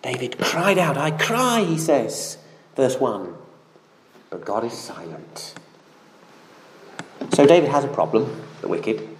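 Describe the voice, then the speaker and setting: Brief: earnest preacher, very lively pitch, who acts out quoted prayers; echoey room with a faint hiss underneath. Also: takes it slowly, pauses often. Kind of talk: sermon.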